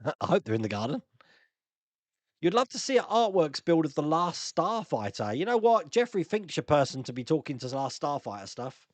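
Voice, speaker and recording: A man's voice: fairly high pitch, sing-song, moderate pace, no room sound. A man hosting a casual live-stream Q&A, chatting and laughing as he answers viewer comments.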